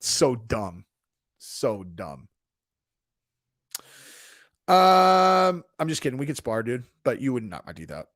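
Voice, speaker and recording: A man's voice: lowish voice, very animated, moderate pace, dry recording, studio quality. A man hosting a casual live stream from home, answering chat in a laid-back, profane way and saying "dude" constantly. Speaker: streamer host. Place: home in Texas.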